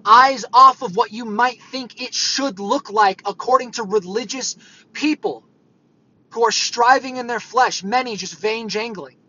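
Earnest man preaching off the cuff, high and bright, muffled lo-fi recording. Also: measured pace. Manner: earnest, conversational, rambling with fillers. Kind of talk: informal sermon. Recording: dull lo-fi audio.

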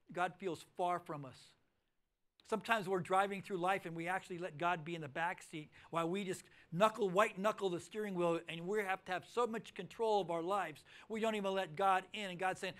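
A middle-aged male pastor preaching a sermon in a church auditorium, telling a story and swinging between loud emphasis and hushed lines. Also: high-pitched.

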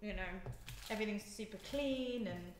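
A woman's voice: mid-range voice, moderate pace. Chatty woman in an echoey kitchen. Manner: chatty, giggly, talks to viewers while moving around the kitchen. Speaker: cooking live-streamer. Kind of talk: casual live-stream chat while cooking. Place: home kitchen. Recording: echoey kitchen, faint noise.

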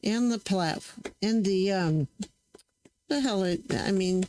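Woman, craft vlog host, unhurried, chatty, mid pitch. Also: a little mellow, slight background noise, poor audio. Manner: chatty, self-correcting, talks to viewers while working. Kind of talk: casual crafting demo chat.

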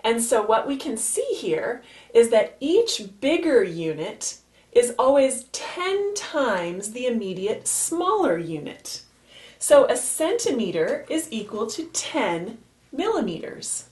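A woman's voice: a little high, very animated, takes it slowly, a little mellow. A woman teaching a math lesson for young children, patiently spelling out letters and repeating key points. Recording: echoey room.

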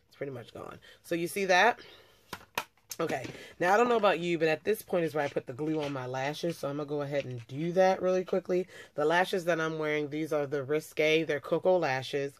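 A young woman chatting casually through a makeup tutorial, talking as she works and often correcting herself. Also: deep voice. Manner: chatty, talks while working, frequent self-corrections. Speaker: beauty vlogger.

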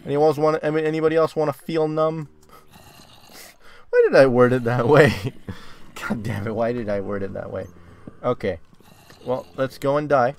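A man's voice: medium pitch, moderate pace, long pauses. Jumpy young man narrating a game. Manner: jumpy, swears and yells when startled. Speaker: gaming channel host. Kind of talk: casual game commentary. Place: dark closet.

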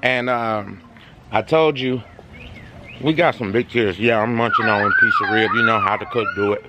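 A man's voice: mid-range voice, wildly swooping pitch, normal speed. A man, a father hosting a casual family vlog from his backyard, chatting loosely to viewers and cheering his kids on. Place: windy backyard outdoors. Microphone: handheld phone. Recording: windy outdoor phone recording.

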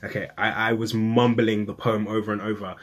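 A young man tells a story to camera in a husky, slightly breathy voice. He speaks casually and animatedly, jumping to sudden high, excited bursts when he quotes himself and others. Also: fairly quick. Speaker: poet and vlogger.

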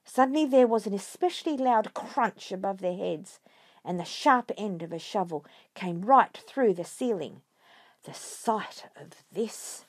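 A woman reading a children's storybook aloud, expressive and lively. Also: medium pitch, no room sound, clean studio sound.

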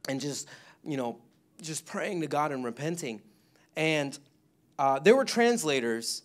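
A man giving a rambling testimony at a church service, laughing often and restarting his sentences. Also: medium pitch. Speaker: mission trip member giving testimony.

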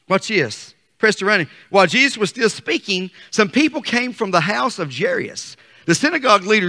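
A male pastor preaching a fervent sermon that rises to shouts, in a church sanctuary. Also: high-pitched, expressive, normal speed. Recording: long hall reverb.

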